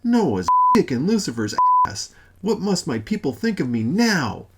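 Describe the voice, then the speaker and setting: A man's voice: medium pitch, sing-song, unhurried, heavy background noise, voice pushed up. A man voicing an ancient, wrathful male god who roars, curses and makes demands. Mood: roaring. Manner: roaring, cursing, demanding.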